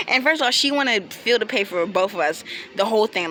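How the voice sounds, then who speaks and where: A young woman, casually telling a storytime with animated quotes and bursts of laughter. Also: medium pitch, slight background noise. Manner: animated, laughing, quoting friends in quick bursts. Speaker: vlogger.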